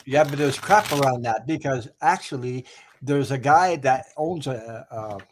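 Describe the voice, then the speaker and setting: A man's voice: medium pitch, measured pace, a little hiss or hum. A man hosting a tarot livestream, talking casually and bluntly on a video call, with mild cursing, repetitions and trailing sentences. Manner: blunt, mildly profane, trailing off and repeating himself. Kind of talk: casual group chat.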